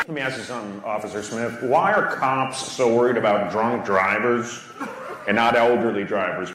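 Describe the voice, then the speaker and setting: A man doing a stand-up routine and teasing the audience, delivering punchlines deadpan on a comedy club stage with a handheld mic. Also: on the high side, heavy background noise. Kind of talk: stand-up routine with crowd work. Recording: roomy club with loud audience laughter.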